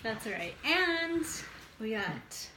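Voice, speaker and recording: A woman's voice: on the high side, very animated, takes it slowly. A young woman co-hosting a mukbang from a home dining table, chatting casually and giggling between jokes. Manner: giggly, joking. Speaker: mukbang co-host. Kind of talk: casual chat while eating. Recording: echoey room, noisy background.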